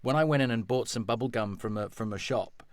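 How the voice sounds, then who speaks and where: A middle-aged English actor, a podcast guest, telling stories in a casual, animated way. He repeats words and laughs as he goes. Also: medium pitch, a little fast, dry recording. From England. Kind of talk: casual conversational storytelling.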